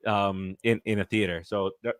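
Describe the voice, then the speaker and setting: A man's voice: fairly low pitch, steady tone, normal speed, no echo, studio quality. A man co-hosting a sports and movie podcast, talking casually with lots of fillers and restarts. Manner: rambling, many fillers and restarts. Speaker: podcast co-host. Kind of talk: casual chat.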